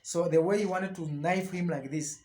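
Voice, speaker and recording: A man teaching sign language, slowly explaining and repeating each term as he demonstrates it. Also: high voice, fairly even intonation, a little mellow. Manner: slow and deliberate, repeating each word as he demonstrates. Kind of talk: instructional explanation.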